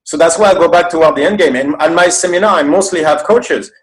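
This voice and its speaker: A man's voice: fairly high pitch, fast, rough recording. A man with a French accent, a guest strength coach on a podcast, explaining training with earnest, plain-spoken detail. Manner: earnest, explanatory, swears casually.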